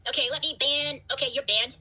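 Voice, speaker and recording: A woman's voice: high voice, fairly even intonation, fairly quick, pushed and bright, rough recording. A woman hosting a livestream, ranting at her chat in an angry, profane, defiant way. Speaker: livestream host.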